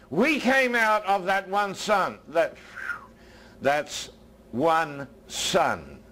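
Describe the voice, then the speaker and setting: An American minister preaches a sermon, his voice sinking low and soft before climbing again.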